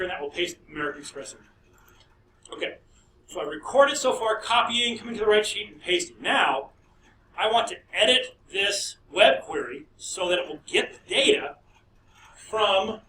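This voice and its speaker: Middle-aged prof lecturing, easygoing with side stories, kinda far from the mic, faint hiss. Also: male voice, high-pitched, pushed and bright. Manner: chatty, storytelling asides. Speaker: professor. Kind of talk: classroom lecture. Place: classroom. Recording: echoey classroom, distant mic, faint noise.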